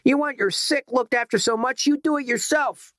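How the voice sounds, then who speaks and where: A man reading a novel aloud, voicing a furious strike picket who yells back in a shrill, strained high voice. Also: normal speed, dry recording, clean studio sound. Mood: yelling defiance. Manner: yelling, defiant.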